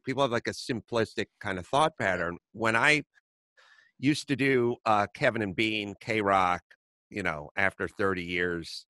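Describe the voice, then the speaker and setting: Middle-aged guy hosting a podcast, punchy bright voice, dry mic, rants and tells stories fast. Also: lowish voice, no room sound. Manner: storytelling, rants in quick bursts. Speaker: podcast host. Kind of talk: casual chat.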